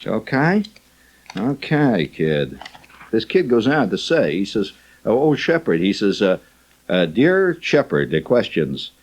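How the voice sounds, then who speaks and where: A man's voice: fairly low pitch, darkish tone, poor audio. A man hosting a radio show, reading listener letters aloud with wry, teasing, rambling asides. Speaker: radio host. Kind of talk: reading listener mail on air.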